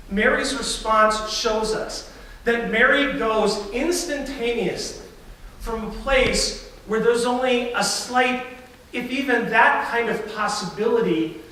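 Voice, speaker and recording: Heard from a distance in a big church sanctuary, a pastor tells stories in a lively sermon and occasionally slips into his characters' voices. He speaks in a high register for a man, and the echoey recording is drenched in reverb with faint room noise beneath.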